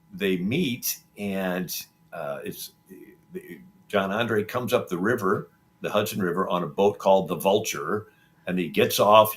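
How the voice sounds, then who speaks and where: A man being interviewed as a historian, retelling history in a rambling conversational way with frequent ums and restarts. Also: on the low side. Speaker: historian guest. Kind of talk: conversational storytelling.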